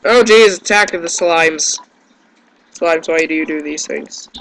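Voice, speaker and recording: A man's voice: high-pitched, normal speed, fairly bright tone, low-quality recording. A man giving gameplay commentary, yelping in panic and groaning at his own mistakes. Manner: panicky yelps and self-deprecating groans. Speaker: let's play gamer.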